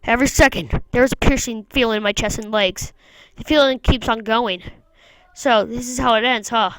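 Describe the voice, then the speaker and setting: Woman, higher voice, smooth and clear, dry close sound, reading game text aloud, wry asides. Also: normal speed, no room sound, rough recording. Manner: reads narration plainly, breaks off with wry asides. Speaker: gamer. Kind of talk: reading a visual novel aloud.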